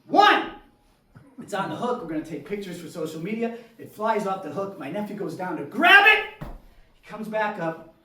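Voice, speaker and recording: A New man performing solo stand-up, his voice bright and leaping up and down in pitch as he acts out his relatives. He sounds a little distant, caught in an echoey theater room rather than close to the mic. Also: brisk. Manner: animated, shouting punchlines, acting out relatives. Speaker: stand-up comedian. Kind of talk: solo comedy storytelling on stage. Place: comedy theater stage.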